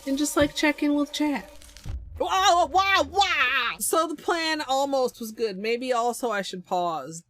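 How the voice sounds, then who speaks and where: A woman's voice: sits high, measured pace, few pauses. A woman streaming live, chatting casually with silly, crude jokes. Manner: silly, crude, jokey asides. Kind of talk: casual livestream chat.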